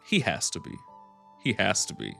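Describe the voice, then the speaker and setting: A male streamer reacting to a game story, reading the lines aloud and then breaking into giggly, excitable tangents. His pitch swings widely, and his accent drifts from word to word. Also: moderate pace, vocal fry, faint music behind. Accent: shifting accent. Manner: giggly, excitable, rambling asides. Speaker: VTuber streamer.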